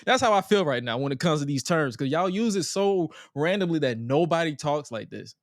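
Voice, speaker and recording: A man with a slightly higher voice than most, talking in a blunt, profane, rambling way. He is co-hosting a casual podcast, and his voice sounds dry and close to the mic. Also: lively intonation, a little fast, no room sound. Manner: blunt, profane ranting with laughs. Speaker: podcast co-host. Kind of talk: casual chat.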